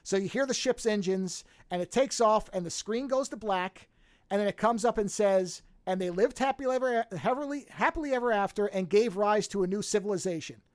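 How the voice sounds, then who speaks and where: A man hosting a podcast in casual chat, retelling a movie plot with lively acted-out lines and frequent swearing. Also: sits high, fairly quick, dry recording. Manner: animated storyteller, acts out movie characters, swears freely. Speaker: podcast host.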